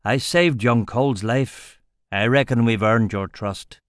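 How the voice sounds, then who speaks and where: A man voicing an old barbarian highlander, blunt and gruff, with a folksy drawl and rough grammar. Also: unhurried, dry recording, clean studio sound, lightly acted.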